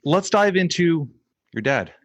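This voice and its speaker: A man's voice: fairly high pitch, very animated, unhurried. A man hosting a podcast, asking questions and giving short, encouraging affirmations. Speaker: podcast host. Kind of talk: interview questions.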